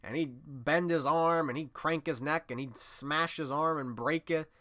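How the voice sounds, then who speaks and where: Bright-voiced rambling male storyteller. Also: measured pace. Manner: rambling storyteller, swings from low mutter to loud excited bursts. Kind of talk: casual monologue.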